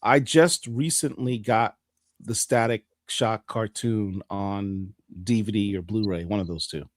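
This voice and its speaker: A man in his forties hosting a casual podcast chat about comics news, talking in an animated, playful and emphatic way. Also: fairly low pitch, a little slow, no room sound, studio quality. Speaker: podcast host.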